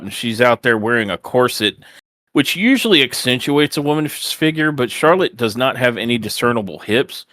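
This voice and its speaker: A man's voice: mid-range voice, pushed and bright, no echo, studio quality. A man co-hosting a wrestling podcast, giving wry, snarky commentary. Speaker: podcast co-host. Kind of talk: casual podcast chat.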